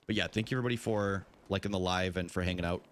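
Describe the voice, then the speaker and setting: A man's voice: low voice, rapid-fire, a bit bright, a little hiss or hum. A young man chatting casually with his live-stream chat while playing, swearing freely.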